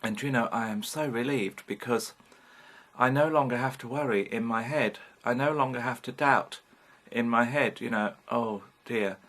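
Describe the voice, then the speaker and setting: A man's voice: medium pitch, normal speed, fairly bright tone. A British man in his fifties talking frankly in a rambling personal vlog, swearing casually as he goes. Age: 50s. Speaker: vlogger. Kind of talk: candid personal vlog monologue.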